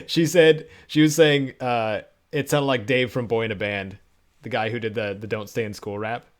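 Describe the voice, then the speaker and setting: A man's voice: medium pitch, fairly even intonation, unhurried. A man live-streaming, chatting casually and laughing often as he talks to viewers while editing. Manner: chatty, giggly, talks to chat while working.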